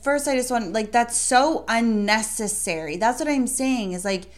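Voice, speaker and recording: A woman's voice: on the high side, normal speed. Emphatic, outspoken woman in casual chat. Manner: emphatic, swears freely, outraged.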